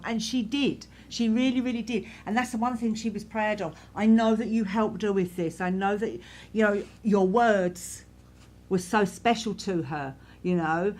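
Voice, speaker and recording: A woman serving as a spiritualist medium, speaking softly and reassuringly to a congregation in a church, repeating herself often. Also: mid-range voice, moderate pace. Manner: gentle, reassuring, repetitive, many "you know"s. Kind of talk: giving spirit messages to a congregation.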